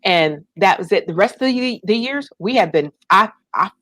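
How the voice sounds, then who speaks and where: A woman from the United States telling her story in an interview, animated, acting out quoted voices and fighting back tears. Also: medium pitch, normal speed, no echo. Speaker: guest, nonprofit founder.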